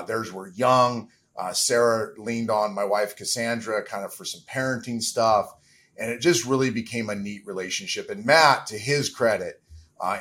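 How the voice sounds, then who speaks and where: A man's voice: fairly low pitch, fairly bright tone. A middle-aged man speaking as an interview guest, candid and reflective, his voice catching with emotion at times. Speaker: interview guest, former quarterback.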